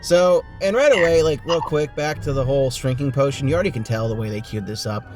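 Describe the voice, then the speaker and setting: A man's voice: medium pitch, fast talker, a little mellow, soft background music. A man hosting a podcast, recapping a book in a casual, sarcastic, profane way. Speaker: podcast host.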